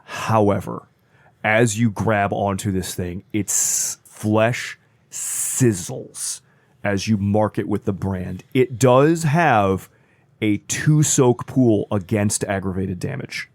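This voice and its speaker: Low-voiced man narrating a horror game. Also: a little mellow, dry recording. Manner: slow, deliberate scene-setting. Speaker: storyteller.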